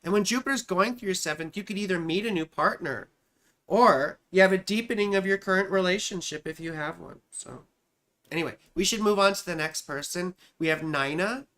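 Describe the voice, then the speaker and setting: A woman's voice: lowish voice, fairly quick, fairly bright tone. Chatty affectionate woman astrologer. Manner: chatty and affectionate, calls viewers sweetheart and darling; thinks aloud while searching for charts. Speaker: astrologer hosting a live stream. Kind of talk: casual live-stream chart reading.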